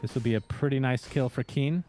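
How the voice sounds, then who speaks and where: A man casting an esports match, giving quick, chatty play-by-play and laughing easily. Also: mid-range voice, mellow, soft background music. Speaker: esports caster.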